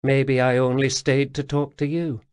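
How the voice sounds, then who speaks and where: A man reading an audiobook voices the ghost of a dead woman soldier who speaks in a quiet, murmuring, resigned way. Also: mid-range voice, level tone, moderate pace, clean tone, no room sound, clean studio sound, close to an everyday voice. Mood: calm, wry. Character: female soldier's ghost, calm, wry, gentle.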